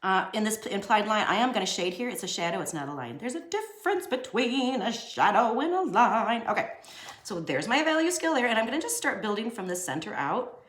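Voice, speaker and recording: In an echoey room, a young woman art teacher gives a casual drawing lesson. Her medium-pitched voice is very animated, quick and a bit bright, and she chats and jokes to herself as she shades.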